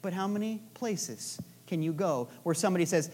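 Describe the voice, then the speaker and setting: A woman's voice: lowish voice, lively intonation, moderate pace, a little mellow. A woman preaching a sermon in a casual, playful storytelling way, with chatty asides to the listeners. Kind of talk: conversational sermon.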